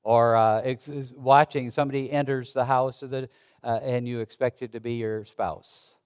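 A man, a pastor, preaching a sermon in a halting, conversational way with many restarts, reading old-fashioned scripture aloud. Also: mid-range voice, fairly even intonation, a little mellow, clear, resonant tone.

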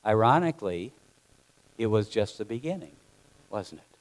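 A man's voice: fairly low pitch, big pitch swings, moderate pace, pauses often. A man preaching a sermon, telling the story dramatically and acting out the scenes himself.

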